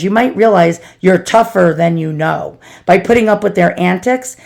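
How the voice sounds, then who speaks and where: A woman's voice: mid-range voice, vocal fry, a little mellow. A middle-aged woman vlogger telling a personal story, chatty and earnest, calling her listeners boys and girls. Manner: earnest, confessional.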